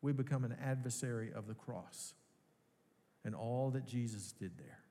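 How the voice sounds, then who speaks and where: A man preaching a sermon as pastor, earnest and building to emphatic peaks with slow pauses. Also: mid-range voice, mellow. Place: large church hall. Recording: long reverb of a hall.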